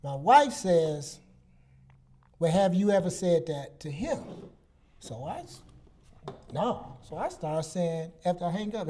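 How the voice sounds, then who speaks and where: A man's voice: high-pitched, takes it slowly, long pauses. A man in his sixties, a guest psychologist, telling personal stories in casual chat and acting out the lines he quotes. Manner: animated storyteller, acts out quoted dialogue.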